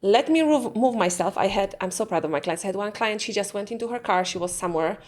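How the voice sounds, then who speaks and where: A woman coach in a podcast interview, calmly talking herself through reflective questions. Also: medium pitch, quick pace.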